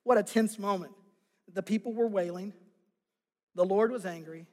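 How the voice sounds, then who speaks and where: High-voiced preaching man in reverberant hall. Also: normal speed, a little mellow. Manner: dramatic preaching, voicing scripture quotes with rising intensity. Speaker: pastor. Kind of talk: sermon.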